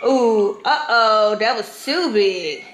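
A young mother with a lilt coos softly to her baby, drawing out every word very slowly. Her voice sits high. It is recorded in an echoey room at home, with clear household noise underneath. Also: lively intonation. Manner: cooing baby talk, slow and soothing. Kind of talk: home vlog, talking to a baby. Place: home kitchen with a TV on.

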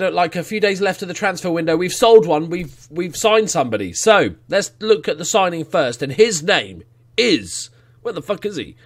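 A man casually commentating his football management game, getting excited, cheering goals and swearing now and then. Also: on the high side. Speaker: let's play gamer.

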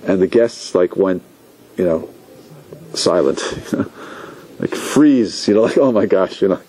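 A rabbi teaching a class, telling stories with lively acted-out quotes and asking his listeners questions. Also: sits low, a little slow, poor audio. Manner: animated storytelling, asks the audience questions, acts out quotes. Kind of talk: lecture to a class.

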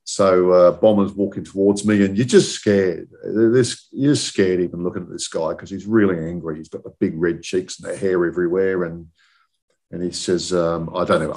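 A man's voice: sits low, darkish tone. A man in his sixties, a podcast guest telling long, rambling stories about his working life and often checking in with "okay?". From southern England. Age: 60s. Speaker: guest, industry chief executive. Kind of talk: casual podcast chat.

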